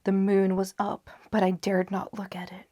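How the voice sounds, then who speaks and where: A woman reading a gothic horror story aloud in a hushed, often half-whispered voice with slow, dramatic pacing. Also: mid-range voice, completely flat delivery, dry recording, clean studio sound. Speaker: audiobook narrator.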